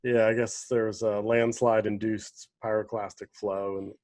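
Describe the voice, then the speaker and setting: A man's voice: fairly low pitch, level tone, normal speed, a little mellow, dry recording, studio quality. Jokey man co-hosting a podcast. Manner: jokey, trailing off mid-thought. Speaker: podcast co-host. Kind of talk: casual chat.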